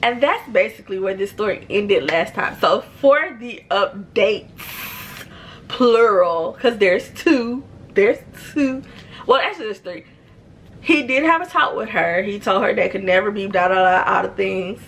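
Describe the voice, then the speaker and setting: A woman's voice: mid-range voice, lively intonation, a little slow, fairly bright tone, poor audio. A young woman telling a personal story to her viewers in a chatty, slangy way. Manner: chatty, slangy, many fillers. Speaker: storytime vlogger. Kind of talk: casual storytelling.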